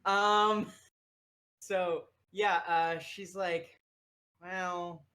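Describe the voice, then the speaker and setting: A slow, bright-toned game master runs a casual tabletop session, laughing often and padding his narration with ums. The delivery is unhurried and easygoing. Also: mid-range voice, expressive. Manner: laughing, filler-heavy narration.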